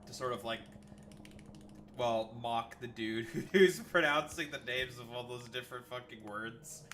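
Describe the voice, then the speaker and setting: Bright-voiced male streamer, slow and lively. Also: mid-range voice, a little hiss or hum. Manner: laughs often, swears casually, trails off mid-sentence. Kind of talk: casual gameplay commentary.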